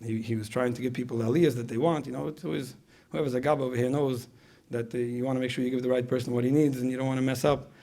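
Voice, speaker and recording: Guy lecturing parents, gravelly voice, talks fast, keeps repeating himself. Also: mid-range voice, fairly even intonation, dark tone. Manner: repeats phrases, asks the audience questions. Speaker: speaker at a parenting retreat. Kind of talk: conversational lecture.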